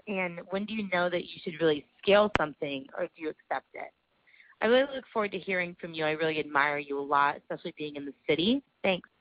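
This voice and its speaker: A woman's voice: deep voice, fast. A woman caller asking an advice question in an eager, upbeat way. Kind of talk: recorded voice question. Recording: dry, dull lo-fi recording.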